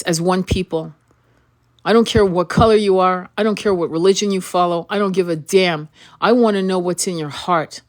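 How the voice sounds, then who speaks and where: A spiritual reader who hosts her own channel speaks straight to the viewer in an impassioned monologue, earnest and pleading, with a fairly low pitch. She repeats and restarts her words and asks direct questions. Now and then she breaks off to cough from an irritated throat.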